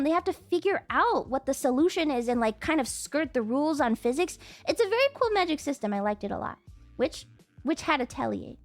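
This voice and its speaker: A high-pitched female streamer chats casually on a live stream through a desk mic. She is excitable and talkative, now and then swearing at her chat.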